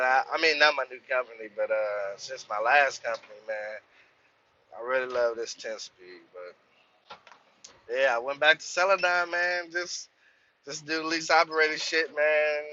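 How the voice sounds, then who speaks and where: A man's voice: mid-range voice, pushed and bright, lo-fi sound. A man vlogging from inside his truck cab, telling a rambling, profane story in casual talk and saying "man" a lot.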